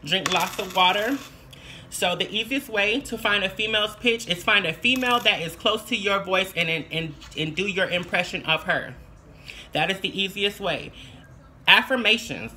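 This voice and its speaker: A woman's voice: mid-range voice, normal speed, bright, forceful tone, slight background noise. A trans woman vlogger giving casual voice-feminization tips in a chatty, sassy, playful way. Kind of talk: casual advice vlog.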